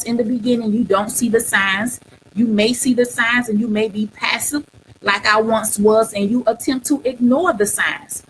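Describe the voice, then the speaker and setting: A woman's voice: on the high side, slight background noise, poor audio. A middle-aged woman hosting a live talk show, sharing her own story in an earnest, preacher-like way and repeating phrases for emphasis. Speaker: host.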